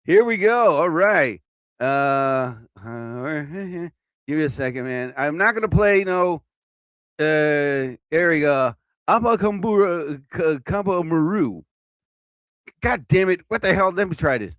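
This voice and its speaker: Middle-aged male streamer, slightly high and very animated delivery, rambling and cursing, quick to laugh at himself. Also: smooth, dry recording, studio quality. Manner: rambling, swearing and laughing at his own jokes. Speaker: live stream host. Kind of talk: casual live stream chat.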